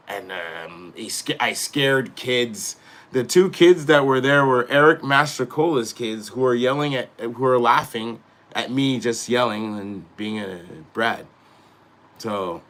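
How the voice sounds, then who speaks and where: Middle-aged guy ranting live, bright edgy voice, cussing nonstop, mumbles then blows up loud. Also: mid-range voice. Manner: animated, swears constantly, swings between mutters and loud outbursts. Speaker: podcast host, wrestler. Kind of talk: profane casual rant.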